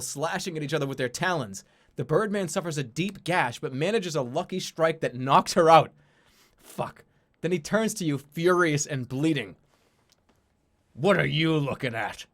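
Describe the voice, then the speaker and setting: Animated man reading a game aloud. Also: a little high. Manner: animated, jokey and swearing. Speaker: streamer. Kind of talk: casual gaming commentary reading game text aloud.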